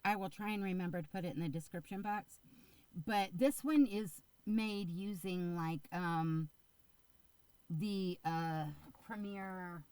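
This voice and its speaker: A woman's voice: on the low side, slow, a little mellow, smooth, no room sound, rough recording. A middle-aged woman vlogging about her crochet in a casual, rambling way, with lots of ums and second thoughts. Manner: rambling, filler-heavy, chatty and unsure. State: getting the hiccups. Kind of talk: casual chat to camera.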